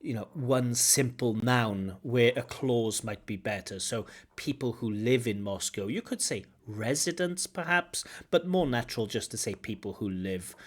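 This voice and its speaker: A man giving feedback on a speaking test, explaining points and repeating phrases aloud to model intonation. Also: medium pitch. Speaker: IELTS examiner giving feedback. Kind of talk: teaching commentary.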